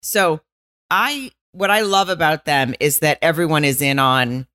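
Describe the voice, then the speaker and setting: A woman from the American South co-hosts a podcast, chatting playfully and swearing now and then. Her voice is low for a woman. The recording is dry and close. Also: unhurried, bright, forceful tone, no room sound. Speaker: podcast co-host. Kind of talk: casual chat.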